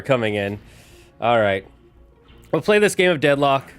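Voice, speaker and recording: A man of ordinary middle pitch talks to his live chat while he plays a video game. He rambles from one thought to the next, in a loose, casual way. He speaks into a desk microphone. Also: big pitch swings, moderate pace, pauses often, smooth, faint music behind. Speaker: streamer.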